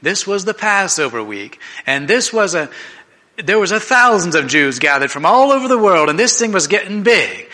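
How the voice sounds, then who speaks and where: Animated preacher with a sharp voice. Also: male voice, fairly high pitch, normal speed. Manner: animated, conversational, with many restarts. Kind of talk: sermon storytelling.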